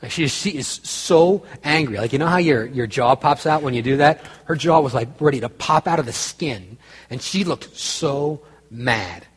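A man preaching a conversational sermon, telling a story with restarts and growing quiet and earnest. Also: mid-range voice, expressive, normal speed, breathy edge, big-room sound. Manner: conversational, self-interrupting, grows quiet and earnest. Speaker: pastor.

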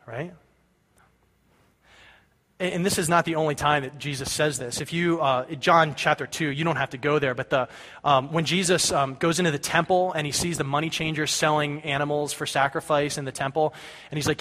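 Man, pastor, casual sermon, slightly high voice, long hall echo, keeps asking "right?". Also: normal speed, a bit bright. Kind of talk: conversational sermon.

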